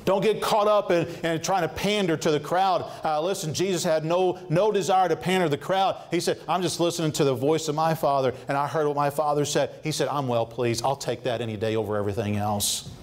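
A male pastor preaching a sermon earnestly, often pausing with fillers and restarting phrases, slowing down to dwell on scripture quotes. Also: fairly high pitch, steady tone.

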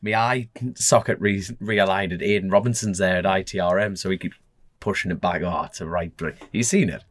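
A man's voice: low voice, steady tone, a little fast, fairly bright tone, no echo. A man hosting a motorsport podcast in casual chat, joking and bantering with his guests. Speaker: podcast host.

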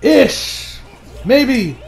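A man giving a casual, animated episode recap, often laughing and acting out the characters' lines. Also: extremely high pitch, extremely slow. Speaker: anime reviewer.

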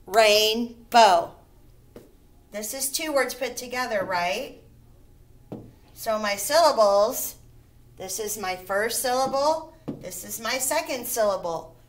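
A woman teaching first graders a recorded lesson on syllables, slow and patient, stretching out each word so the children can hear the beats. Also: a little high, lively intonation, a little hiss or hum. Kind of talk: recorded remote phonics lesson.

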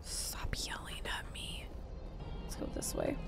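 A woman's voice: slow pace, whispered. A young woman giving playful let's play commentary as she games. She reacts with theatrical outbursts and mock grief. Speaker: gaming streamer. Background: game music and gunfire.

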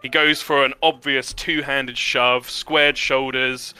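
A man's voice: medium pitch, little pitch movement, slow pace, sharp tone, clear, resonant tone, dry recording. A man narrating a tabletop game as game master, describing the scene vividly with fillers.

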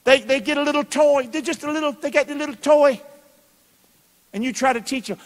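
With an extremely high pitch and a slightly fast pace, a man preaches from a church sanctuary as its pastor. Folksy and emphatic, he drops colloquial asides and asks the congregation to call back answers, all wrapped in the long reverb of a church hall.

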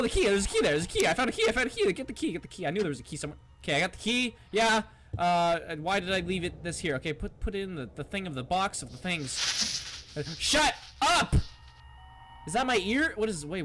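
A man commentating a horror game, muttering to himself, reading text aloud and yelling in alarm. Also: sits high, fast talker, a little hiss or hum. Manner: jumpy and excitable, swearing, yelling at the game. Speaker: gaming YouTuber.

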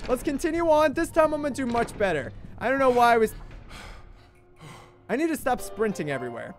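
A young man streaming a game, excitable, swinging between shouting at the game and grumbling. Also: high-pitched. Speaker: gaming livestreamer. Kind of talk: livestream gameplay commentary.

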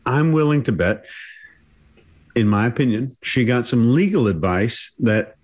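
Male panel commentator, body language analysis, measured and hedging. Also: mid-range voice, animated. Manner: analytical, hedges with "in my opinion".

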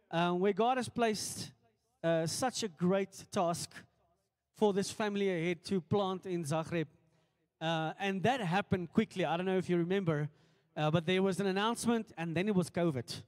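During a church hall service, a high-voiced South African man who pastors the congregation handles the welcome and announcements. His delivery is halting and full of fillers, sprinkled with jokes at his own expense, all ringing through a long, echoey reverb.

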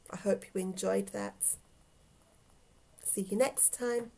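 Slow, gravelly teacher reading aloud. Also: female voice, mid-range voice, poor audio. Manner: expressive, talks to young listeners. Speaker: teacher reading to her class. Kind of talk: storybook read-aloud for children.

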